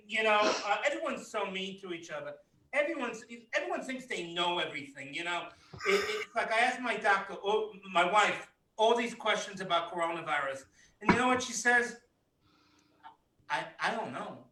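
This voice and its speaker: Bright high-voiced male comic, echoey room. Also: animated, a little fast, distant mic. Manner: stammering repeats, bursts of shouting. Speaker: comedian. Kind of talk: stand-up comedy over video call.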